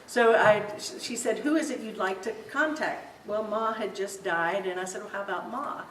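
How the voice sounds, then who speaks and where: A woman's voice: medium pitch, moderate pace, a bit bright. A woman giving an informal spiritual talk to a group in a meeting room, telling stories in a chatty way and laughing easily. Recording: roomy echo, distant mic, faint hiss.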